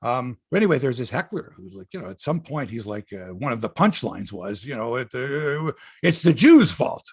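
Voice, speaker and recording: A man's voice: mid-range voice, expressive, a little fast, hardly any pauses, breathy edge, no echo, studio quality. A man hosting a sports podcast, telling rambling, profane stories in casual chat.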